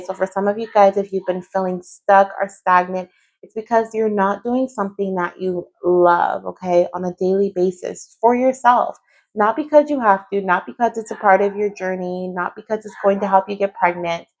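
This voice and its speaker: A woman giving a spirit baby tarot reading to camera from home. She speaks gently and often checks in with a soft "okay?". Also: medium pitch.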